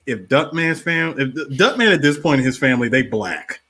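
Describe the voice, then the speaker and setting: Lively, swooping man telling a story. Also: mid-range voice, a little fast, crowd noise. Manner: lively storyteller, builds up jokes. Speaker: podcast co-host. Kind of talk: casual chat.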